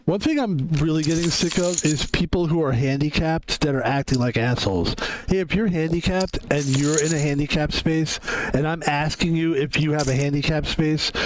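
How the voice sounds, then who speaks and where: Male streamer, casual ramble, profane, filler-heavy delivery, slightly high voice, faint background hiss. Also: rough recording. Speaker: streamer and security guard.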